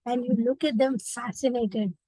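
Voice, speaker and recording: A woman's voice: a little high, fairly even intonation, normal speed, warm tone, slightly rough, no room sound, low-quality recording. A woman with an Indian accent, a memory trainer, guiding listeners through a vivid imagined story. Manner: vivid storytelling, direct address. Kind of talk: guided visualization lesson.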